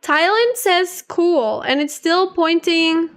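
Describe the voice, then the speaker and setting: Woman streamer, high voice, slow easy chatter, giggly. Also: expressive. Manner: chatty, giggly, reads aloud to chat. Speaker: livestreamer. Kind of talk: casual gaming stream chat.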